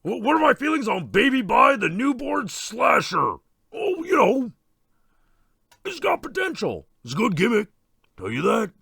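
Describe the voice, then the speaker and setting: A man doing a gravelly, foul-mouthed slasher. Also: very high-pitched, huge pitch swings, a little slow, pushed and bright, no room sound, studio quality, full character voice. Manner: rambling, swearing, irritable rants. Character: crude, excitable masked slasher killer, male adult. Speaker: stream host in character. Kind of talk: in-character comedy Q&A.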